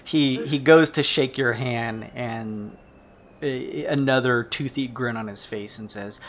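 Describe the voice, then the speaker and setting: A man narrating a tabletop game as game master, in a relaxed, casual way. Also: mid-range voice, takes it slowly.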